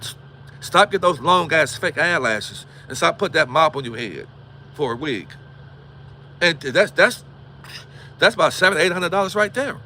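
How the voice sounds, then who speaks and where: A man's voice: fairly high pitch, lively intonation, moderate pace, long pauses, bright, forceful tone, slight background noise. Preachy, profane man on a livestream. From Gary, Indiana. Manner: preachy, repetitive rhetorical questions, profane. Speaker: livestream host. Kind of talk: impassioned livestream monologue.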